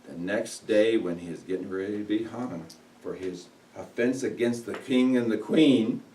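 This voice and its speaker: A man's voice: lowish voice, normal speed, mellow. Male speaker reciting a fairy tale with big swells, recorded from afar in a reverberant room. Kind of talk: memorized storytelling speech. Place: meeting room. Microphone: room mic from a distance. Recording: echoey room, distant mic.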